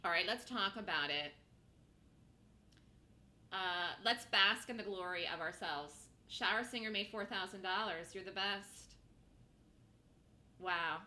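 Excitable woman calling live trades. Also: medium pitch. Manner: excitable, gasping and squealing as trades move; rapid, repetitive play-by-play. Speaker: day-trading show host. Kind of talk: live trading commentary.

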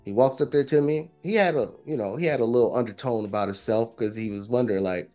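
A man, a property investor, telling a story in a relaxed, informal way and often repeating phrases. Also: on the low side, fast, hardly any pauses, highs cut off, faint music behind. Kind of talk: casual storytelling interview.

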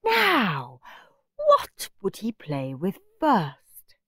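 A woman's voice: mid-range voice, huge pitch swings, drawn-out words, fairly bright tone, breathy edge, no echo, clean studio sound, heavily acted. A sly, sweet-talking naughty boy, as a woman voices him. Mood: mocking. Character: mischievous scheming young boy.

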